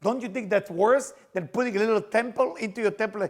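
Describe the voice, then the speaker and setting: A man voicing a grieving woman who protests loudly and slowly to God. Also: high-pitched, pitched above the performer's own voice. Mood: indignant grief. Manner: loud, indignant, drawn-out pleading. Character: grieving matriarch, indignant and weeping, woman.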